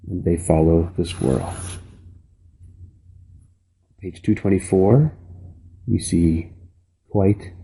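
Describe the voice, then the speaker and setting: A man reading a children's novel aloud in a calm, measured storytelling manner. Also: deep voice, slightly rough, rough recording. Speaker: reader.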